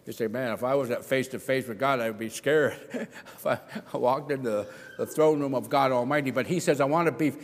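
A middle-aged man preaching an earnest sermon, acting out the voices he quotes. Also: mid-range voice. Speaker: pastor. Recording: long hall reverb.

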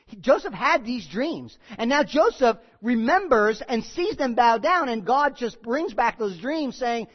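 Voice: medium pitch, a little slow, hardly any pauses, breathy edge, lo-fi sound. A pastor preaching a sermon and teaching through a Bible passage in a conversational way, repeating key phrases and asking the congregation questions. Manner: animated, asks the congregation questions.

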